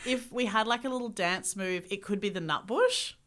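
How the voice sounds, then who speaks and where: A woman's voice: mid-range voice, normal speed, fairly bright tone, a little hiss or hum. An Australian woman co-hosting a podcast in giggly, playful casual chat. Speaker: podcast co-host.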